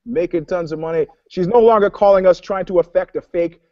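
A man's voice: high-pitched, brisk, darkish tone, dry recording. A man telling a long story in casual chat, rambling with many restarts and acting out the lines of others. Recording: dull, dry lo-fi sound.

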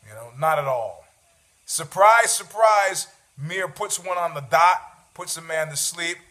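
A man's voice: fairly high pitch, lively intonation, moderate pace, pushed and bright. Rambling sarcastic New man. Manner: rambling, sarcastic, swears freely, many restarts. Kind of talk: casual chat about fights.

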